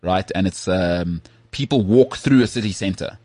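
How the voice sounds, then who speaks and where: Guy, husky low voice, chatty and emphatic, dry close mic. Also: moderate pace, no room sound. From South Africa. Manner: animated, emphatic storytelling. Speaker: podcast co-host. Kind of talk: casual chat.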